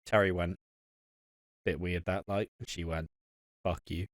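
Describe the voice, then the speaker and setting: A man's voice: sits low, steady tone, normal speed, long pauses, no room sound, studio quality. A man co-hosting a podcast, casually recapping a soap episode, swearing, laughing and rambling. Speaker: podcast co-host. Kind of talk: casual crude podcast banter.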